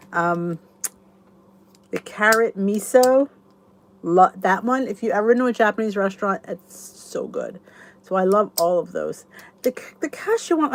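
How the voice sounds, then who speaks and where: Woman, middle-aged, channel host, casual chat, rambling, enthusiastic. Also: medium pitch.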